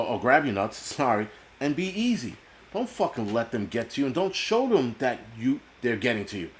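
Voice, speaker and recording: A man hosting his own live stream, talking straight into a computer mic in a loose, profane rant. He is blunt and opinionated and keeps breaking off to answer the chat. His voice sits at an ordinary middle pitch for a man. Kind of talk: casual ranting live stream. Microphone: computer mic on a video call.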